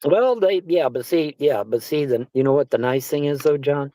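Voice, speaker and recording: A man's voice: fairly high pitch, moderate pace, warm tone, no room sound, low-quality recording. Casting: man, casual stream guest, rambling and profane, repeats lines, dry close sound. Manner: rambling, repeats himself, swears. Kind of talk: casual chat.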